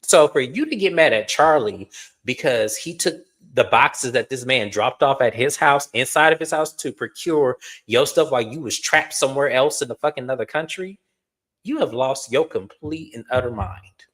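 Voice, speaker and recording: A man hosting a reality TV recap in casual commentary, blunt and animated, swearing freely and talking to viewers as y'all. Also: mid-range voice, normal speed.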